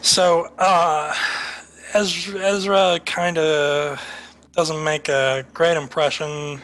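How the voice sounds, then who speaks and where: A man narrating a tabletop game as game master, relaxed and full of fillers. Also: a little high, very slow.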